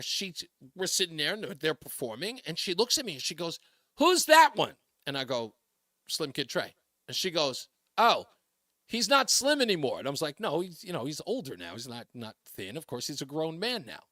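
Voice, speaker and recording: High bright guy on talk radio, telling a story all animated, dry close studio sound. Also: no room sound. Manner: animated storyteller, quotes people in raised voices, laughs often. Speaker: radio talk show host.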